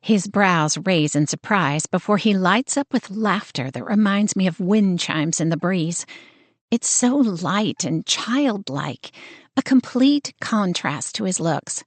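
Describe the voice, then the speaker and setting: A woman narrating a first-person romance audiobook in an expressive, wry storytelling manner. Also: mid-range voice, slow, no room sound.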